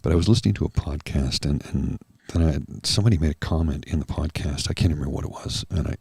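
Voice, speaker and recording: A man hosting a soft-spoken ASMR livestream, talking slowly and earnestly and answering viewers by name. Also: very deep voice, husky, no echo. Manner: slow, earnest and heartfelt, addressing viewers by name. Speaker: livestream host.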